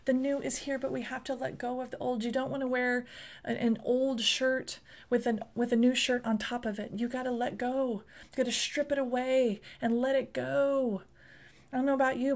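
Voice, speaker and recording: A woman's voice: high-pitched, gravelly, a little mellow. A woman preaching a sermon, reading scripture and building into fervent, repeated exhortations. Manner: fervent, repeats phrases and rises into passionate exhortation.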